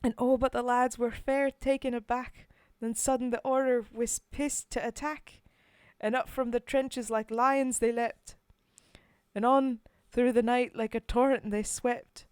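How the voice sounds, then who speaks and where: A woman reading a war poem aloud in a put-on Scottish accent, loud and dramatic. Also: a little high, fairly even intonation, a little slow, clean tone, dry recording, voice pushed up, close to an everyday voice. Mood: rousing. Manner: loud, rolling, dramatic recitation.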